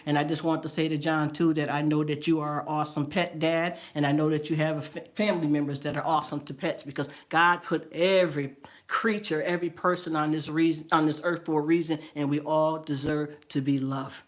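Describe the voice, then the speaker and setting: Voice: mid-range voice, level tone, brisk. A middle-aged livestream host talking casually and earnestly with viewers, stumbling over repeated words and calling people "honey". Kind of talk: casual livestream chat with viewer shout-outs.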